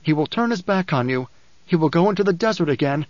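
A man's voice: fairly high pitch, expressive, quick pace, a little mellow, dry recording, close to an everyday voice. Man doing an intense young man's voice. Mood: firm. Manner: firm, insistent. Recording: dull, dry recording.

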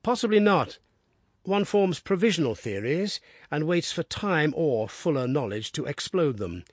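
A sharp, reserved detective with a precise, formal delivery in an audiobook, as the narrator puts him on. The voice is lifted a little above the reader's own and moves lively through each sentence. It is recorded close and dry. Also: male voice, fairly high pitch, dry recording. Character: sharp, reserved male detective, middle-aged.

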